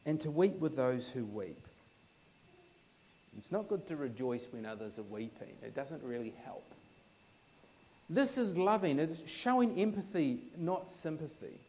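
New Zealand preacher, lo-fi sound. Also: male voice, fairly high pitch, big pitch swings, unhurried. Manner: conversational, anecdotal, emphatic swells then soft. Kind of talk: sermon.

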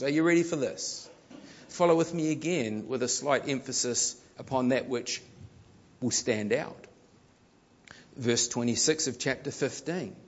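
A man's voice: sits high, in a large hall, lo-fi sound. A man preaching a sermon, reading scripture aloud with strong, varied emphasis.

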